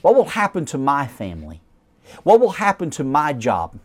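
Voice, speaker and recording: A man preaching a sermon, reading scripture aloud and explaining it, slowing and dropping his voice at the ends of phrases, sometimes correcting himself. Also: a little high, huge pitch swings. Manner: self-corrects mid-sentence.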